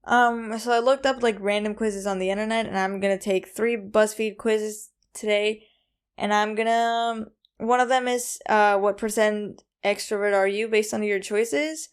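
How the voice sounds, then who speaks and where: A woman's voice: mid-range voice, steady tone, moderate pace, smooth. A young woman hosting a casual solo podcast, rambling with lots of ums and likes, a bit anxious and self-conscious. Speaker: podcast host.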